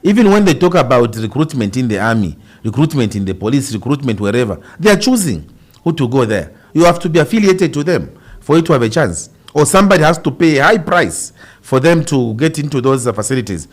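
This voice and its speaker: Impassioned Zambian man, lively pitch. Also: brisk. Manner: impassioned, emphatic, rhetorical questions. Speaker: politician guest. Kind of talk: radio interview.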